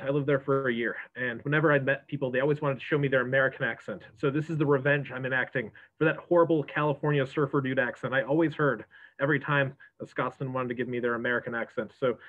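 A man's voice: mid-range voice, a bit bright. Easygoing male host on a thin, phone-like call line, talks in loose asides. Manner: chatty, rambling with fillers. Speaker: moderator. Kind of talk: casual event hosting. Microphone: video call. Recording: tinny call audio.

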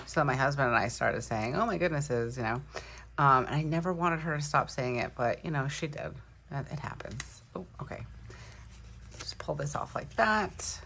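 Low-voiced excitable woman vlogger. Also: moderate pace, gravelly, background noise. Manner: excitable, gushing, thinks aloud. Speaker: planner vlogger. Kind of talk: casual unboxing chat. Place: home room.

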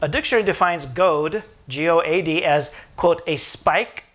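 Middle-aged male preacher, animated sermon delivery with rhetorical questions, voice on the higher side. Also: moderate pace. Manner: animated storytelling preacher, asks the congregation questions. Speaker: pastor.

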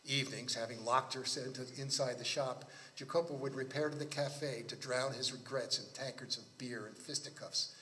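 A man reading his own novel aloud at a library book talk, in a measured storytelling cadence. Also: mid-range voice, steady tone, pushed and bright, slight background noise.

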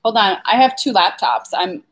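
A woman's voice: mid-range voice, moderate pace, fairly bright tone. A woman flower farmer chatting on a casual live stream, reading viewer comments aloud and laughing often as she rambles.

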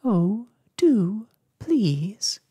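A reader voicing a timid little blossom baby girl in a whispered role-play, gentle and frightened. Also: mid-range voice, sing-song, extremely slow, slightly rough, no echo, clean studio sound, pitched above the performer's own voice, heavily acted.

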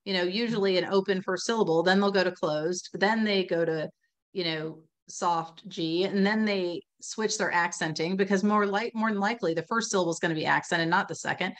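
A woman speaking in a casual webinar conversation over a video call, chatty and animated, full of "you know" and "like" as she explains reading instruction. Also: lowish voice, fairly quick.

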